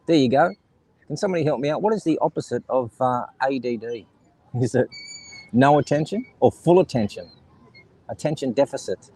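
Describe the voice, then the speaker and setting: A man's voice: medium pitch, expressive, fairly quick, dark tone, husky, rough recording. A middle-aged Australian man rambling and joking with his live stream chat, outdoors by the seaside. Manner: rambling, jokey, talks to chat viewers. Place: outdoors by the seaside, kids and seagulls around.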